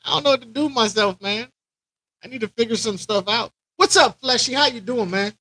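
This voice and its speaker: A high-pitched man hosts a casual live stream from home, rambling and repeating lines as he greets viewers by name. His voice sits close and dry on the mic, with little room sound. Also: fairly quick, sharp tone, no echo, low-quality recording. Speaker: aquarium channel host.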